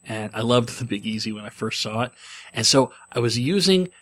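A man's voice: medium pitch, animated, moderate pace, fairly bright tone. Rambling man telling a story. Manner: rambling, digressive. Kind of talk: casual storytelling.

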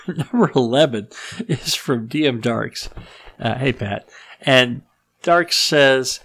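A man's voice: mid-range voice, animated, takes it slowly, fairly bright tone, low-quality recording. Congested, rambling male podcast host. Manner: rambling, self-deprecating, frequent restarts and fillers. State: stuffed-up nose, congested. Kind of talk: casual rambling podcast chat.

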